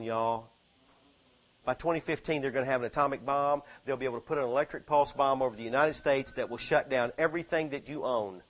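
A man preaches a sermon at a fairly quick pace, shifting from low, quiet asides to fervent exhortation filled with rhetorical questions.

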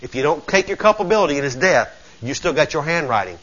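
A man preaching a sermon, fervent and folksy, moving from low murmurs to shouts. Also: lively intonation, quick pace, lo-fi sound.

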